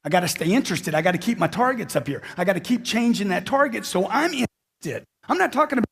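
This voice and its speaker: A middle-aged man, a sales trainer giving a live seminar talk to an audience, high-energy and emphatic, hammering home lines by repeating them. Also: lively intonation, quick pace, gravelly, a bit bright, slightly rough. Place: large hall with a live audience. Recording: echoey hall reverb.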